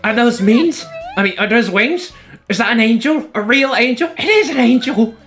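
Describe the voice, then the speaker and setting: A man's voice: extremely high pitch, animated, normal speed, a bit bright, soft background music, voice pushed up. A man voicing a giddy, hyperexcited young female superfan with a gushing, squealing delivery. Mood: awed.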